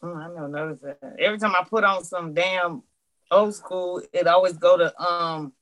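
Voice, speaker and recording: A woman's voice: on the low side, fairly even intonation, moderate pace, fairly bright tone, poor audio. A woman co-hosting a podcast, chatting casually and laughing along. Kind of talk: casual chat.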